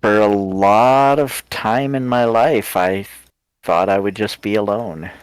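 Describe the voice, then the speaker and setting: A man's voice: on the low side, slow, smooth, dry recording. A man voicing a reserved former soldier commander who answers shyly and awkwardly in few words.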